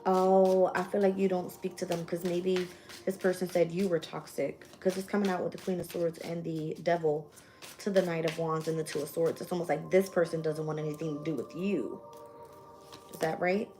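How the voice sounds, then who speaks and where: Blunt, low-voiced woman reading tarot. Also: little pitch movement, normal speed, mellow, soft background music. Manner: casual and blunt, swears freely, thinks aloud while drawing cards; shuffles and names cards aloud. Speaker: tarot reader. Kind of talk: casual live-stream tarot reading.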